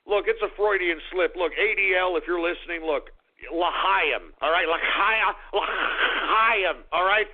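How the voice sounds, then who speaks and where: A man hosting a radio show in a comedic on-air rant, excitable and profane, swinging between muttering and shouting. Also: high voice, takes it slowly. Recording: tinny phone-like audio.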